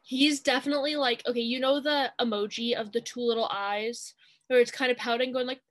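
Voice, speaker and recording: A woman's voice: a little high, steady tone, fairly quick, a bit bright. A woman co-hosting a podcast, chatting casually and animatedly as she recaps a TV movie and quotes its scenes in playful voices. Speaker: podcast co-host.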